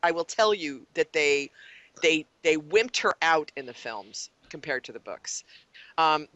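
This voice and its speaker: Bright, dry-voiced woman musing aloud. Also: sits low, expressive, measured pace, dry recording, muffled recording. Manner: hesitant, restarting, thinking aloud. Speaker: co-host. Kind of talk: casual podcast chat.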